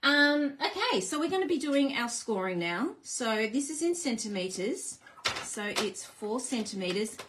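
A bubbly Australian woman with a slightly high voice runs a live card-making lesson from her craft room. She chats eagerly with viewers as she shows each step, excited by every little detail. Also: measured pace, background noise. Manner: bubbly, chatty and easily excited.

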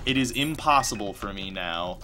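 Man, casual game commentary, lively pitch, bright voice, swears a lot. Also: moderate pace, soft background music. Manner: excitable, swears freely. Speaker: streamer playing a video game.

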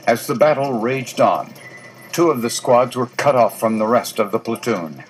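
A man giving scripted documentary narration in a steady storytelling tone. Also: mid-range voice, moderate pace, slight background noise, rough recording.

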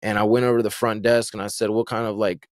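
A man's voice: fairly low pitch, flat delivery, fast, no echo, clean studio sound. A man, a podcast guest, talking through a personal story in a rambling, casual way, full of fillers and slang. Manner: rambling, filler-heavy, slangy with frequent "like" and "bro".

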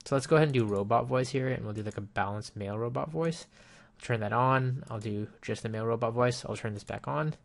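A man casually demonstrating a program on screen, explaining each step in a relaxed way with frequent ums and you-knows. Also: medium pitch, quick pace, creaky. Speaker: software reviewer. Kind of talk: casual screen-recorded software walkthrough. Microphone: desktop microphone with headphones.

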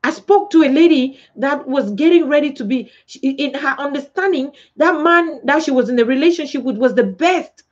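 A woman's voice: sits high, expressive, moderate pace, hardly any pauses. A woman pastor preaching a sermon emphatically, asking rhetorical questions and acting out quotes. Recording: dull lo-fi recording.

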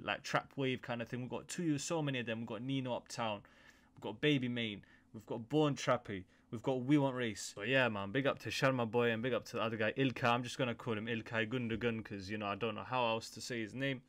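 A man's voice: mid-range voice, a bit bright. A young man, hosting a casual music reaction video in slangy, chatty talk that often repeats itself. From United Kingdom.

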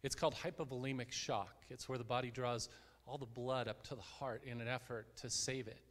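A man delivers a sermon as a guest preacher, his voice sitting at an ordinary middle pitch. He speaks earnestly and sinks into hushed tones at solemn points. The sound carries a long reverb from the church sanctuary. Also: fairly even intonation, a little fast.

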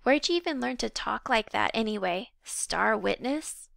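Feisty schoolgirl read by a woman, brisk comebacks, gravelly bright tone. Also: on the high side, animated, no room sound, studio quality, full character voice. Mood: indignant. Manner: indignant, quick retorts. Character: sharp-witted stubborn young girl.

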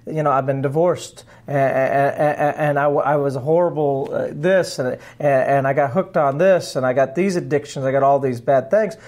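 A man's voice: medium pitch, steady tone, moderate pace, hardly any pauses, a little mellow. A man, a pastor hosting a casual morning Bible study chat, joking and often laughing at his own stories. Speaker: pastor and show host.

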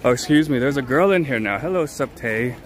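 A man's voice: mid-range voice, expressive, fairly quick. A playful man streaming from a street market, his phone picking up a busy crowd all around him. He jokes and hams it up in a theatrical way as he wanders. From United States. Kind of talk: casual live stream walking commentary. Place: outdoor night market street. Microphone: handheld phone. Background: busy crowd chatter.

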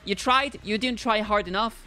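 A young woman streamer reacting loudly to game pulls, talking to the screen and shouting when things go wrong. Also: mid-range voice, normal speed. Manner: excitable, yells at the game. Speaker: gaming streamer.

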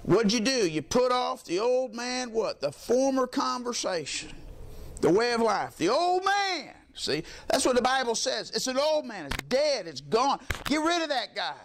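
Baptist-type preacher guy, kinda high voice, folksy storytelling sermon, lots of amens. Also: big pitch swings, measured pace, slight background noise. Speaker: pastor.

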